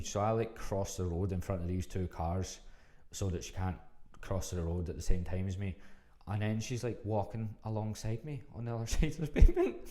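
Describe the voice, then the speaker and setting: Deep-voiced Scottish man telling a story. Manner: animated, swears freely, frank. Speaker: podcast host. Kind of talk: casual storytelling.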